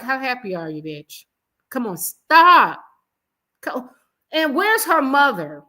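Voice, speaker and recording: A woman hosting a casual livestream, giving blunt, animated commentary and talking straight to her viewers in the chat. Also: medium pitch. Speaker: livestream host.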